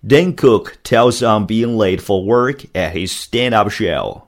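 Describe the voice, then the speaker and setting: A man with a lowish voice reads an English lesson script, his pitch moving in a lively way. His delivery stays plain and instructive. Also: takes it slowly.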